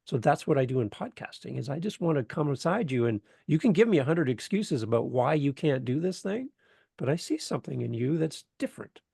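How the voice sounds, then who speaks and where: A man from Canada, a podcast guest telling a lively story and acting out the voices in it. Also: fairly high pitch, brisk, creaky, breathy edge, no echo, studio quality. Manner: animated, acts out voices in anecdotes. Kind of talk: enthusiastic storytelling in interview.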